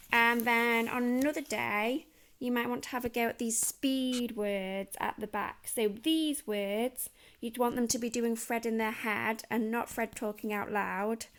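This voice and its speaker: A woman teacher, patiently guiding parents through phonics sounds and reading activities. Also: a little high. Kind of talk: instructional walkthrough for parents.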